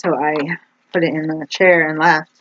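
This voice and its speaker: On dull, slightly noisy lo-fi audio, a woman vlogger speaks at normal speed in a low voice with fairly even intonation. Her casual monologue to camera drifts around, full of restarts and repeated "like."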